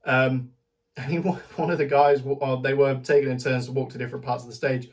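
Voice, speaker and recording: A man's voice: medium pitch, little pitch movement, fairly quick. Chatty British man rambling with laughs. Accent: British English. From Britain. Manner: chatty and rambling, laughs often, restarts sentences. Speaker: vlogger. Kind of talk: casual spoken festival recap.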